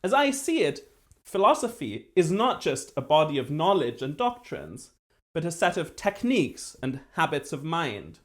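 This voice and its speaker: A man giving a university philosophy lecture as the professor, precise and lively, with dry self-deprecating humor. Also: on the high side, normal speed. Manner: acts out voices when telling a joke.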